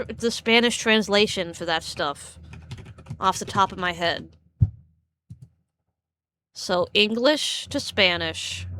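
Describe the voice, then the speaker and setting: A woman's voice: fairly high pitch, bright, forceful tone. A woman streamer chatting casually, rambling and stammering with frequent laughs. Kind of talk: casual live-stream chat.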